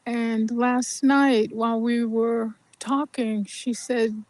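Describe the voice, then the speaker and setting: An older woman hosting a podcast, telling a personal story in an unhurried, gentle way that often sinks to a soft near-whisper. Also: a little high, steady tone, no echo. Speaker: podcast host.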